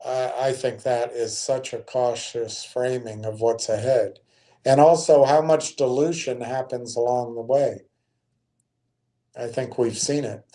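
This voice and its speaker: Male stream host, casual investing talk, mellow low-key tone, slow and hesitant, plenty of ums. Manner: unhurried, thinking aloud with frequent ums and self-corrections.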